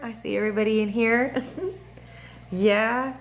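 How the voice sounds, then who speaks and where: A woman hosting a casual astrology livestream, talking in an animated, profane way with laughing asides and sing-song voices. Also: medium pitch, normal speed. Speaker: livestream host. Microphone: phone or webcam mic.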